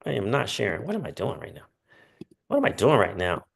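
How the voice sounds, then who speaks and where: A man hosting a casual commentary channel, reading news posts aloud and breaking in with quick offhand asides. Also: on the low side, huge pitch swings, creaky, breathy edge. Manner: chatty, reads quotes aloud with asides. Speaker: crypto channel host.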